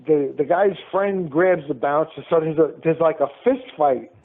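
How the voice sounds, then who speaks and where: Male guest on a tinny phone call, slightly high voice, acts out everyone in his stories. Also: normal speed. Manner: animated storyteller who acts out each person's lines. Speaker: interview guest. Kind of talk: casual anecdote telling. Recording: phone-line call-in audio.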